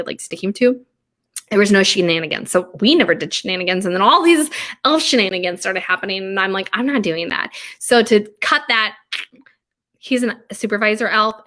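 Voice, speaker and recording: A woman in her thirties, a bakery owner, chatting casually about family traditions, rambling and laughing, sometimes talking quietly. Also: medium pitch. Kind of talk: casual chat.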